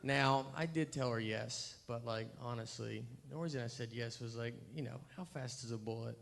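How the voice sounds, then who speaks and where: Deadpan man doing stand-up. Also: mid-range voice, moderate pace, vocal fry. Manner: deadpan, rambling storytelling with self-deprecating asides. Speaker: stand-up comedian. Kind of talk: stand-up comedy.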